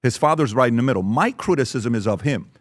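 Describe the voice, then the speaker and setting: A man's voice: medium pitch, animated, fast talker, noisy background. A man hosting a podcast discussion, emphatic and persuasive, stacking up repeated phrases. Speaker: podcast host.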